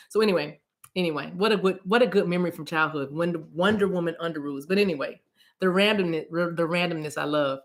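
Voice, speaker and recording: A woman's voice: on the low side, fast. Rambling East Coast woman livestreaming. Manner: rambling, playful, greets viewers by name. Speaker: spiritual reader, livestream host. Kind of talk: casual livestream chat with viewers.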